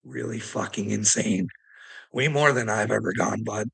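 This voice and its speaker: A man's voice: fairly low pitch, normal speed, creaky, fairly bright tone, husky. A man delivering a profane, confrontational rant at someone, laughing between jabs. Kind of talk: ranting monologue to camera.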